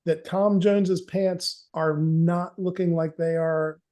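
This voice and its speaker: A man narrating as game master of a tabletop horror game, relaxed and folksy, laughing now and then. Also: a little high, slow pace.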